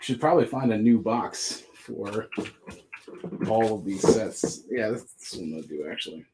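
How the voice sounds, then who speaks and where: A man's voice: fairly low pitch, expressive, a little slow, very noisy. A man hosting a live comic book sale, listing issues casually and joking in rambling asides. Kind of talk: casual live-stream selling.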